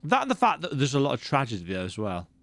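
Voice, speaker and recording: A man's voice: medium pitch, wildly swooping pitch, quick pace, fairly bright tone, no echo. A man giving casual gameplay commentary, full of wry, joking asides. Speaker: let's play host.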